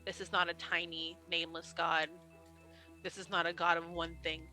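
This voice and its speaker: A woman narrating as game master of a tabletop role-playing game, telling the scene slowly and gently. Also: lowish voice, flat delivery, soft background music, poor audio.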